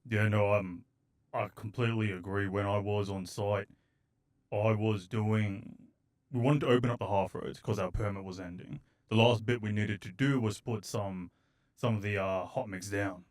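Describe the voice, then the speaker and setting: Low-voiced podcast host. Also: male voice, steady tone, moderate pace, a little mellow. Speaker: guest host. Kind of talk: casual podcast interview.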